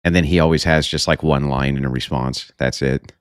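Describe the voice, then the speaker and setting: A man's voice: rumbling low, steady tone, a little fast, smooth, dry recording, clean studio sound. A man giving blunt, profane, mocking commentary while reacting to news clips.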